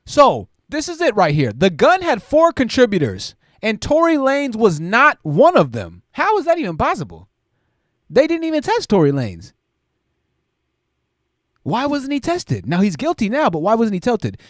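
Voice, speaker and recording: A man hosting a live stream, reading viewer super chats aloud and commenting in an animated, exclaiming way while he thinks aloud. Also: extremely high pitch, moderate pace, no echo, studio quality.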